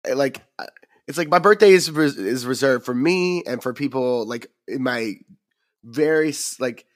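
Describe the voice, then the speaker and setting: A man co-hosting a film podcast, his voice a bit raspy and tired from a cold, rambling with lots of ums and restarts. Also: medium pitch, normal speed. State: recovering from a cold. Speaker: podcast co-host. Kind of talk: casual chat.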